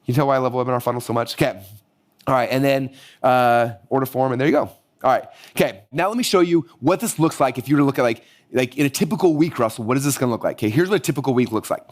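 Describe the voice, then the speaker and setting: A man teaching a live online marketing workshop, energetic and hyped-up, his voice going hoarse. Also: medium pitch. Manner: energetic, hyped-up, rapid-fire. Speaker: marketing course instructor.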